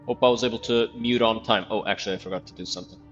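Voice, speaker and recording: A man giving loose, profane commentary while streaming a video game, thinking out loud as he plays. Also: lowish voice, steady tone, rapid-fire, highs cut off, faint music behind. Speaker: gaming streamer. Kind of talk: casual gameplay commentary.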